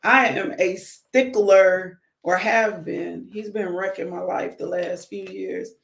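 A woman's voice: mid-range voice, fairly even intonation, slow, vocal fry, reverberant. A woman hosting a live-streamed morning devotional. She preaches conversationally, speaks straight to her viewers, and breaks into whoops and laughter. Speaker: devotional host.

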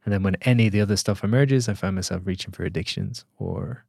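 A man's voice: low-pitched, fast, gravelly, husky, no room sound, clean studio sound. A man, a podcast guest and coach talking casually and acting out the voices in his stories. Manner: animated storyteller acting out quoted voices.

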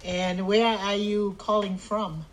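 An older woman, a grandmother being interviewed over a call, explaining herself in a measured, careful way. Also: mid-range voice, flat delivery, a little hiss or hum. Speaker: grandmother interviewed about homeschooling.

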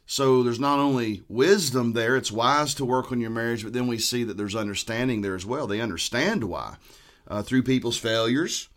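A man's voice: mid-range voice, moderate pace, a bit bright. A man, a pastor speaking earnestly and quoting scripture in conversation. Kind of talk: conversational preaching.

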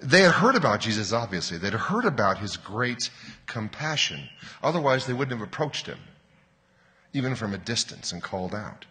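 A man preaching a sermon as pastor, earnest and explanatory, pressing hard on key words and slowing down to stress a point. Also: lowish voice, sing-song, sharp tone. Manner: earnest, explanatory, with emphatic rises and slowed stresses. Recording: long hall reverb.

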